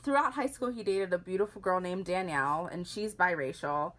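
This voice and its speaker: A woman from rural Pennsylvania co-hosting a podcast, telling a personal story in a wry, animated way. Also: lowish voice, brisk. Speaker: podcast co-host. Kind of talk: storytelling in casual podcast chat.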